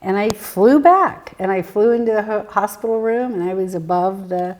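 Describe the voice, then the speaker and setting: A woman guest telling personal stories in an interview, earnest and reflective, halting with fillers and sometimes sinking to a near whisper. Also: mid-range voice, darkish tone, a little hiss or hum. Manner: halting, with frequent fillers and restarts. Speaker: guest, spiritual medium.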